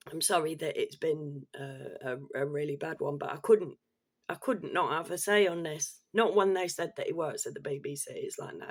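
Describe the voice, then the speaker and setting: Sweary woman ranting. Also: deep voice. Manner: angry, sweary and blunt, with bursts of laughter. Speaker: vlogger. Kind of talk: ranting commentary vlog.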